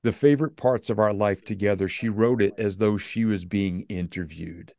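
A man's voice: fairly low pitch, normal speed, warm tone, no room sound. A man hosting a podcast who talks in an earnest, heartfelt, casual way. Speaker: podcast host. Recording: dry, close studio mic.

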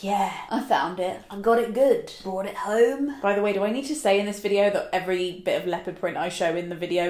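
A young woman chatting casually in a fashion vlog, playful and self-mocking. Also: mid-range voice. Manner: playful, self-mocking, breaks into laughs and sung snippets. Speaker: fashion vlogger.

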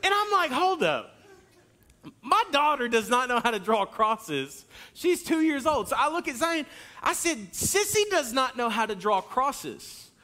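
A man in his thirties preaching a sermon in a church, telling a family story with animated delivery and acted-out lines. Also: very high voice, measured pace. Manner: animated storytelling, acts out hollering and kids' lines. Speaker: pastor. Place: church sanctuary.

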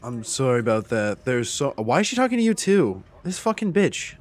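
Loud, profane young gaming commentator. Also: male voice, mid-range voice, big pitch swings, moderate pace, a little hiss or hum. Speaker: gaming streamer. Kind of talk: casual gameplay commentary. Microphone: home microphone that peaks.

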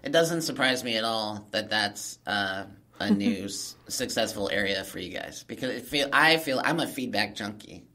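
A man hosting a podcast, chatting casually with his guest in a relaxed, halting way. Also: fairly low pitch. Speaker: podcast host. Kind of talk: casual interview chat.

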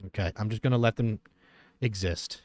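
A man's voice: lowish voice, moderate pace, a little mellow. Chatty man streaming a life-sim game. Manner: chatty, exclaims often, talks to his dogs between game remarks. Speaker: gaming streamer. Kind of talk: casual gameplay commentary.

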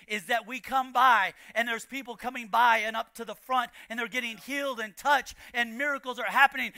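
High-voiced preaching pastor, sharp tone. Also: male voice, smooth, no echo, clean studio sound. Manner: preaching with rising, shouted emphasis and repeated lines. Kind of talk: sermon. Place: church.

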